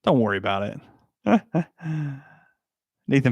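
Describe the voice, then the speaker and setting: A man's voice: fairly high pitch, huge pitch swings, moderate pace, pauses often, fairly bright tone, no room sound, clean studio sound. A young man hosting a casual livestream, reading chat comments and laughing often. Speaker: livestream host answering chat.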